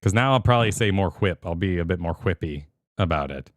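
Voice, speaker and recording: Virginian man, low voice, dry sound. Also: animated, a little fast, dry recording. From Virginia, USA. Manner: rambling, laughs loudly, trails off. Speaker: podcast co-host. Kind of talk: casual chat.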